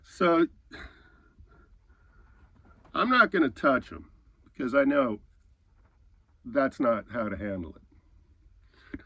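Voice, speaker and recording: A man's voice: medium pitch, very animated, slow, creaky, pauses often, bright, forceful tone, no echo, lo-fi sound. A man telling an angry story in a heated, profane rant, often stumbling over his words and restarting. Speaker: host.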